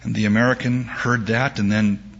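A man's voice: on the low side, flat delivery, normal speed, gravelly, background noise. A middle-aged man preaching a sermon in a folksy, joke-telling way, in a dull lo-fi recording. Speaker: pastor.

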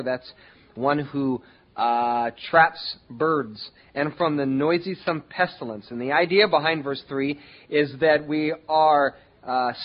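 Earnest male preacher, a bit high-pitched, halting with fillers, stresses key words; muffled lo-fi recording. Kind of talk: sermon. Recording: dull lo-fi sound.

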